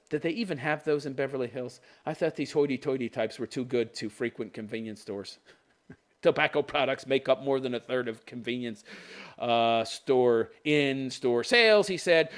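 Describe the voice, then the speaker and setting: Scoffing, high-voiced ranting man. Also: fairly bright tone. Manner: sarcastic, profane, scoffing laughs. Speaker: podcast host. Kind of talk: ranting news commentary.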